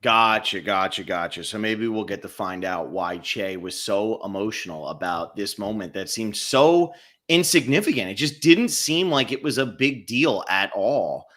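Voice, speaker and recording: Bright-voiced man recapping a show. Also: on the low side, animated, moderate pace. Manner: rambling, amused, laughs often. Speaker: podcast co-host. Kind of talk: casual recap chat.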